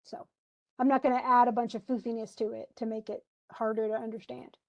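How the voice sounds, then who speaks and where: American woman teacher, lively chatty lecturer, voice a touch high. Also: brisk, dull audio. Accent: General American. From United States. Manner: animated, chatty explaining with casual asides. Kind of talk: classroom lecture on a play.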